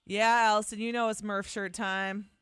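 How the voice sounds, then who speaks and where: A woman's voice: mid-range voice, moderate pace, clear, resonant tone, no echo. A young woman co-hosting a radio show, chatting casually and emphatically. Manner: animated, emphatic, swings into mock voices. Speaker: radio co-host. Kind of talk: casual morning radio banter.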